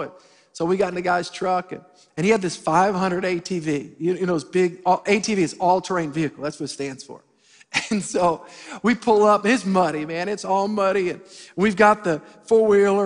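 Preaching in a church sanctuary, a middle-aged male pastor delivers a humorous sermon packed with animated storytelling at a fairly quick pace. His voice sits high for a man and rings through the hall with a long reverb.

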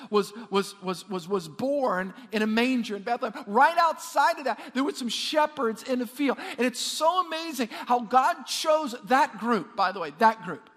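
Pastor, male, high voice, energetic preaching with call-and-response, long hall reverb. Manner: energetic, repeats words, asks the congregation to respond. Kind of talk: sermon. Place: church sanctuary.

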